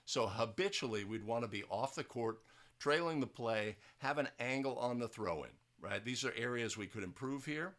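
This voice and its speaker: A man's voice: medium pitch, lively intonation, normal speed, fairly bright tone. A man acting as a basketball officiating instructor. He breaks down game footage in a casual teaching style, often tagging his points with "right?" and restarting his sentences.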